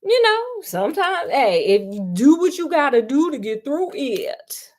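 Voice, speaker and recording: A woman's voice: high voice, big pitch swings, a little slow, a little mellow. A woman retelling a story in a sassy, chatty way, calling her listeners honey and child, with frequent laughs. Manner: laughs often.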